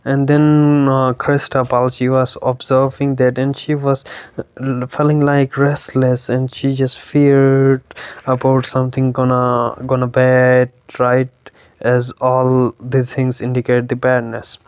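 A man's voice: medium pitch, completely flat delivery, takes it slowly, darkish tone, clear, resonant tone, dry recording. A man teaching a poem, explaining it line by line with many fillers and frequent "right?" checks. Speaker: literature teacher.

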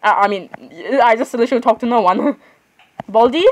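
Fairly high in pitch and at normal speed, this woman plays a horror game with poor audio quality. Her commentary is casual and chatty, peppered with giggles, frequent apologies, and remarks aimed at the game's characters.

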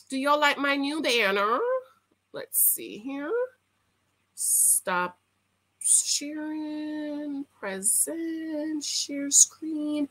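A woman with a high, bright voice hosts a commentary vlog, reading out news and then reacting to it with indignation. She speaks directly to her viewers in a casual, conversational way. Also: lively intonation, drawn-out words, pauses often, low-quality recording. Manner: indignant, talks straight to viewers. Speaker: YouTube commentary host.

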